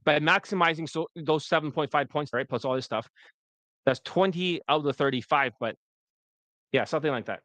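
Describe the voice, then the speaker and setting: A male dating coach talking through a livestream replay in a somewhat high voice. He is blunt and heavy with profanity, and he rambles loosely from point to point. The sound is dry and close. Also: moderate pace, fairly bright tone, no room sound.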